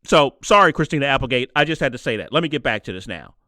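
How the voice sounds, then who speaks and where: Male podcast host, sarcastic monologue, bright and animated. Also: quick pace, no room sound, clean studio sound. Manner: sarcastic, mocks others in shrill put-on voices. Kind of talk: opinionated monologue.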